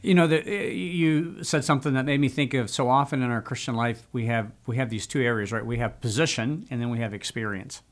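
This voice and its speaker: A man's voice: mid-range voice, fairly quick, few pauses. A man hosting a faith interview, conversational, leaning on key words and often adding "right?". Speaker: host.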